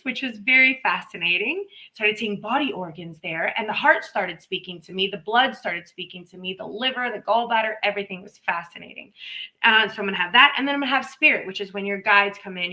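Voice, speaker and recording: A woman's voice: medium pitch, sharp tone, low-quality recording. A woman hosting a live intuitive reading stream, talking in a chatty, rambling way with playful asides. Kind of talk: casual live-stream talk. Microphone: live stream microphone.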